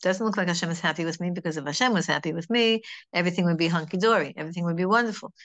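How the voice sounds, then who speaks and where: A woman's voice: lowish voice, rapid-fire, a bit bright. A middle-aged woman teaching a Torah class in a conversational, digressive way, mixing in Hebrew terms.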